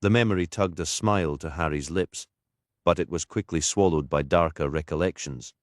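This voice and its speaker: A man reading a crime novel aloud in steady, scripted audiobook narration. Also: low-pitched, normal speed, dry recording, clean studio sound.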